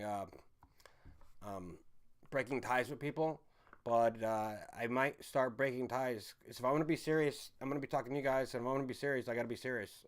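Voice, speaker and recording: A man hosting a live stream, ranting angrily and profanely while reading the chat, swinging from loud outbursts to low muttering. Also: clean tone. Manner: angry, swearing, swings from shouting to muttering.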